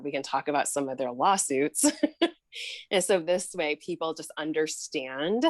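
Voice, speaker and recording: A woman's voice: low voice, brisk, no room sound. A woman hosting a podcast interview, from Michigan, chatty and affirming. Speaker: podcast host.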